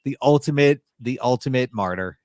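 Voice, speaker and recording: A man's voice: medium pitch, moderate pace, darkish tone, no room sound, clean studio sound. A man co-hosting a podcast in casual chat, playfully teasing his co-host.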